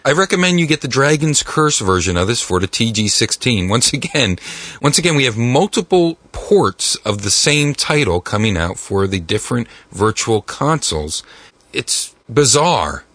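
A man hosting a podcast in a studio with an animated, enthusiastic casual delivery. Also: mid-range voice, normal speed, no echo. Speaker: podcast host.

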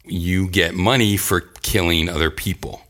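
A man's voice: sits low, steady tone, measured pace, fairly bright tone. A man hosting a casual chat, rambling and profane, often laughing as he recaps a story.

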